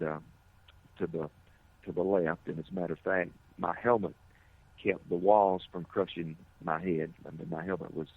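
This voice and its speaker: Middle-aged man, firefighter, earnest halting account, husky voice, phone-thin sound. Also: deep voice. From United States. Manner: earnest, halting, many restarts. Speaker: firefighter, interview guest. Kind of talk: personal account in an interview. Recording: tinny phone-like audio.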